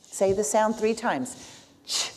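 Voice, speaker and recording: A woman's voice: mid-range voice, lively intonation, slow pace. A woman speech-language pathologist, a native Spanish speaker, leading an interactive workshop and having the audience repeat sounds.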